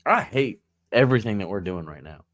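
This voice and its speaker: A man's voice: fairly low pitch, animated, a little fast, fairly bright tone, no echo. A man co-hosting a casual sports talk stream, joking around and speaking bluntly in loose slang. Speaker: podcast co-host. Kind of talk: casual chat.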